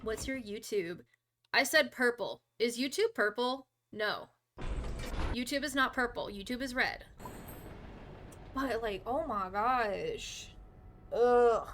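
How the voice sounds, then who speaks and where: A woman's voice: fairly high pitch, slow, long pauses, fairly bright tone, a little hiss or hum. A young woman streaming a game live, talking to chat while she plays, exclaiming, swearing and ranting about her teammates. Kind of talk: live gameplay commentary.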